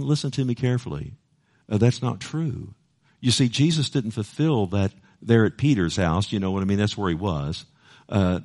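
A man's voice: fairly low pitch, a little mellow. A man preaching a sermon, earnest and direct, reading scripture aloud and putting questions to his listeners. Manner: earnest, repeats words, asks the listeners questions.

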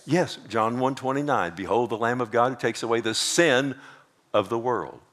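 A man's voice: mid-range voice, a bit bright. Emphatic male preacher delivering a sermon. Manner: emphatic preaching, repeats key points and asks the congregation "amen?"; reads scripture verses aloud slowly. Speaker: pastor.

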